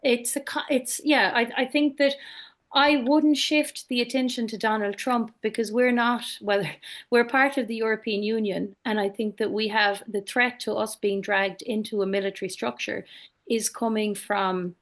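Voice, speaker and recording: A woman's voice: fairly high pitch, steady tone, moderate pace, fairly bright tone. An Irish woman speaking earnestly on an online panel, often restarting and repeating words as she makes her case.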